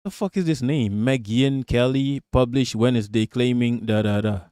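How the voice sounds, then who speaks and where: A man's voice: mid-range voice, moderate pace, mellow, smooth, dry recording, studio quality. A man hosting a live stream, reacting to news and chatting with viewers in a profane, sarcastic way. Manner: profane, sarcastic, talks to chat. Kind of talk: casual live-stream commentary.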